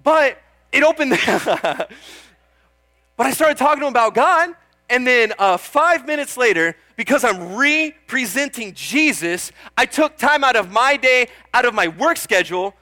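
A man's voice: very high voice, animated, unhurried, pushed and bright, no echo. A young man preaching a sermon in an earnest, chatty way, often calling out "Amen?" and joking about himself. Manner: self-deprecating, laughs at himself.

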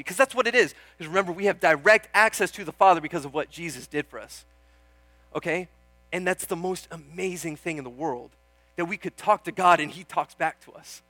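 A man's voice: a little high, a little fast, sharp tone, no room sound. A young man preaching a sermon in an earnest, chatty way, often calling out "Amen?" and joking about himself. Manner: self-deprecating, laughs at himself.

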